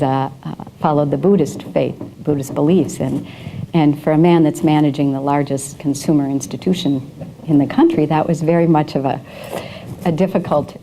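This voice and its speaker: A woman's voice: sits low, mellow, a little hiss or hum, rough recording. A middle-aged woman giving a leadership talk at a breakfast event, telling her career story with fillers and restarts and laughing at her own anecdotes. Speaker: guest speaker. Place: event room.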